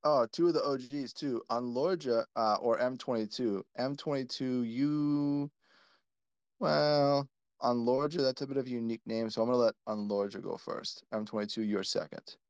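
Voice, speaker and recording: Relaxed male host, dry sound. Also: mid-range voice, normal speed, smooth, dry recording, dull audio. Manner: relaxed, friendly, joking. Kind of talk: casual live audio chat.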